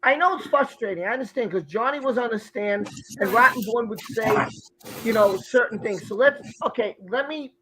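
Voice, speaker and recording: A man's voice: extremely high pitch, moderate pace, sharp tone, a little hiss or hum, poor audio. A man hosting a livestream, ranting heatedly and swearing as he gives commentary. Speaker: show host.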